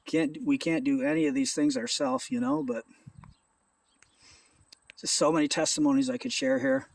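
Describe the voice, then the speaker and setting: A man's voice: on the high side, steady tone, moderate pace, vocal fry, far from the mic. A man from Ontario, earnestly sharing a rambling spoken testimony outdoors at a rural house, often repeating his words. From Ontario, Canada. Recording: voice off from the mic.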